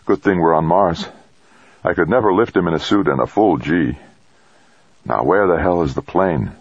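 A man voicing a steady, practical male astronaut who talks in short, terse phrases. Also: deep voice, normal speed, husky, no room sound, lo-fi sound. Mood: determined.

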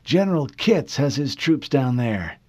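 A man doing a gruff, blunt old admiral. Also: mid-range voice, very animated, unhurried, a little mellow, pitched above the performer's own voice. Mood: blustering. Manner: brusque, folksy military bluster. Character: aging male fleet admiral, gruff, blunt, commanding.

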